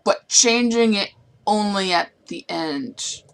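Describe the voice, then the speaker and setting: Slow-talking woman thinking aloud. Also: medium pitch, animated, creaky, clear, resonant tone. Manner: hesitant, thinking aloud with fillers. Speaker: songwriting partner. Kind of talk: casual chat about songwriting.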